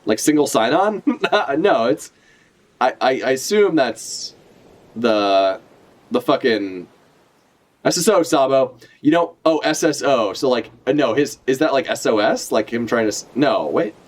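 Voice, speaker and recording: A man talking casually to his stream about a comic chapter, his voice sitting at an ordinary middle pitch. He rambles, swears freely and keeps correcting himself mid-sentence. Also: expressive, unhurried. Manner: rambling, profane, self-correcting. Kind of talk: casual live reaction chat.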